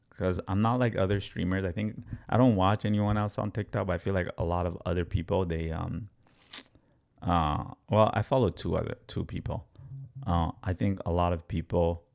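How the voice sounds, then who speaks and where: Brief: young adult man, low gravelly voice, chatty live-stream trading host who keeps addressing viewers. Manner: energetic, repeats himself, talks straight to viewers. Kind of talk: casual live-stream market commentary.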